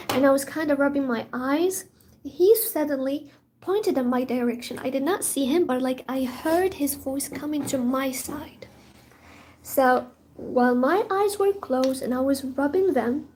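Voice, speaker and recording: High-voiced young woman, rambling storytime. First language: not English. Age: young adult. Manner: rambling, animated, dips into whispers. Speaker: university student vlogger. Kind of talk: casual storytime chat.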